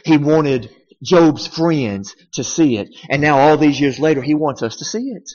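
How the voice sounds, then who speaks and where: Preaching a sermon, a male pastor speaks with conversational emphasis and pulls listeners in with rhetorical questions, his voice expressive, unhurried, darkish in tone and a touch high for a man. Each phrase trails a long sanctuary reverb, and the audio is slightly dull.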